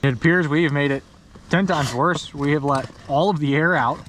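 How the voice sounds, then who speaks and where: A man's voice: fairly high pitch, normal speed, a bit bright, slight background noise. A man hosting a fishing trip vlog, talking casually outdoors on a river raft with wry, joking, self-deprecating commentary.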